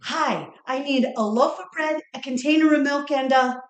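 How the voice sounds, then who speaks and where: A woman's voice: high-pitched, normal speed, reverberant, voice pushed up, lightly acted. A woman voicing an eager, cheerful little girl on an errand, chanting her shopping list in a singsong way.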